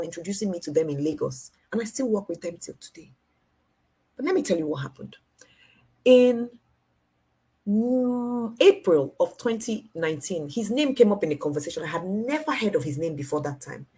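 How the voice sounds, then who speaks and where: A woman, telling a personal story in an animated way and repeating phrases for effect. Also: lowish voice, normal speed, husky. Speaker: motivational speaker.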